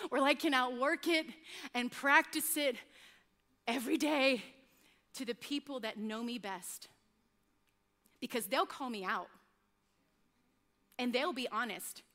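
A middle-aged woman pastor preaching a sermon, telling animated, self-mocking stories about her home life. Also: high-pitched, a little slow, pauses often, long reverb tail.

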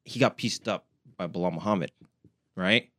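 A man co-hosting a sports podcast from a studio, eagerly breaking down fights with slangy enthusiasm and quick laughs. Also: low-pitched, fairly bright tone, dry recording. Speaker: podcast co-host.

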